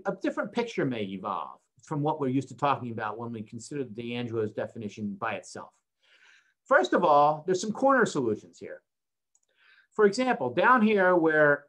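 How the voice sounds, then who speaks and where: A man's voice: medium pitch, a bit bright. An older man, a professor of accounting, giving an online seminar lecture, explaining step by step with rhetorical questions and frequent "right?" checks.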